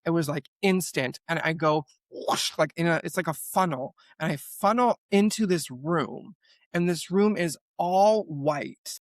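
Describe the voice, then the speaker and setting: Young man, guest storyteller, animated, dry close sound. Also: fairly high pitch, a little slow, no echo. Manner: animated, many "like" fillers. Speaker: podcast guest. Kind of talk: storytelling in an interview.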